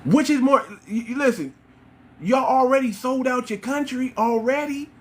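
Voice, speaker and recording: A man's voice: extremely high pitch, moderate pace. A man hosting a livestream, talking straight to his viewers in a mocking, rhetorical and preachy way. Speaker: livestream host.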